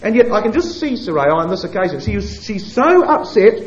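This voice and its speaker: Expressive male preacher, lively pitch. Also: fairly quick, muffled recording. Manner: expressive, swings between hushed asides and emphatic quoting. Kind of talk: sermon.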